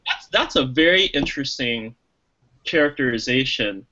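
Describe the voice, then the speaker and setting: A man's voice: medium pitch, lively intonation, moderate pace, bright, forceful tone, muffled recording. A man chatting casually about a movie as a podcast co-host, rambling with lots of restarts and fillers and acting out lines he quotes. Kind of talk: casual movie review chat.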